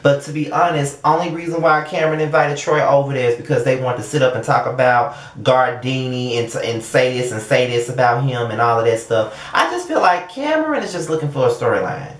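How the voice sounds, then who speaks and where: A young man giving a blunt, profane, animated casual commentary as a show reviewer. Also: medium pitch, fairly quick, few pauses, echoey room.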